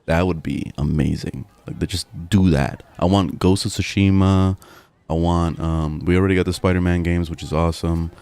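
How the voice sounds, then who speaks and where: Deep-voiced young guy, laid-back gamer chat. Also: fairly even intonation, normal speed, darkish tone, smooth, dry recording. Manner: laid-back, rambling, swears freely. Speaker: gaming streamer. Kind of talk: casual chat over gameplay. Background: faint game music.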